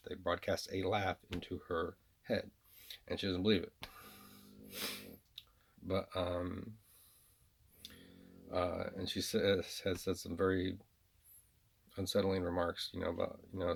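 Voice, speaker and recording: A man's voice: sits low, creaky. A man from the American South talking in a rambling personal monologue, hesitant, repeating himself with lots of fillers and restarts. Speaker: vlogger.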